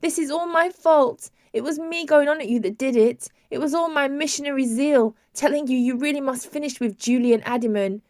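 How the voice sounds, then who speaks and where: A woman voicing a distressed grown-up sister near tears, pleading in a raised, high voice. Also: normal speed, no room sound, clean studio sound. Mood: tearful apology. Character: distressed tearful grown-up sister, anxious, self-blaming. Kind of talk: audiobook character reading.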